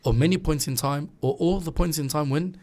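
A man's voice: on the high side, fairly quick. Earnest man telling religious stories. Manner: earnest, animated storytelling with quoted voices. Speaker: religious teacher. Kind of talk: casual religious chat.

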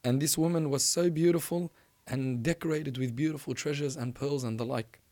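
A man's voice: on the high side, fairly even intonation, normal speed, darkish tone, close to an everyday voice. A man voicing an eager, devout teenage boy who speaks earnestly and with fervor. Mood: awed. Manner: earnest, fervent.

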